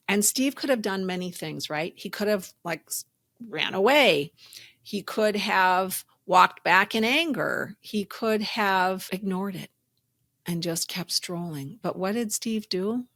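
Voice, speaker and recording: A woman's voice: medium pitch, takes it slowly, a bit bright, no echo, clean studio sound. A woman hosting a spiritual self-help podcast, talking in an earnest, reflective way and telling stories. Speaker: podcast host.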